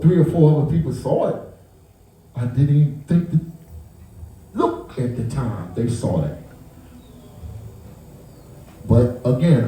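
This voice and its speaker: Animated man, heavy echo from a distance. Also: a little high. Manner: animated, acts out the scene, restarts and repeats words. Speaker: victim's uncle speaking out. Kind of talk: emotional storytelling to a gathering. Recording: very echoey, voice picked up from far off.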